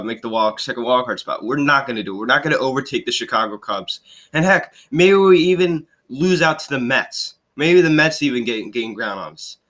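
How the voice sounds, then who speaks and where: A man's voice: mid-range voice, sharp tone. A young man with a stuffy, sniffling voice, ranting in frustration while recapping a baseball game for his fan vlog. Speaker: fan vlogger recapping games.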